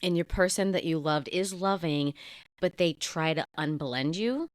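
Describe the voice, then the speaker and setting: A woman with a notably low voice hosts a podcast conversation and thinks aloud candidly, her sentences full of fillers. The sound is close and dry, with no room echo. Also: unhurried. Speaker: podcast host.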